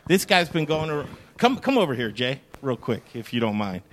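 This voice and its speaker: A man's voice: mid-range voice, very animated, normal speed. A man hosting a cooking show, chatting in an easygoing, casual way. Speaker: show host.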